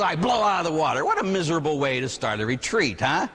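Middle-aged man, priest, lively swooping delivery, slightly high voice, long hall reverb. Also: fast talker, few pauses. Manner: animated storytelling with mimicked voices. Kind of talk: sermon.

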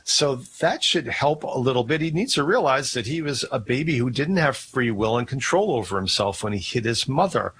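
A man co-hosting a religious call-in radio show, explaining things calmly. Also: medium pitch, moderate pace, few pauses, a little hiss or hum. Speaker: radio co-host.

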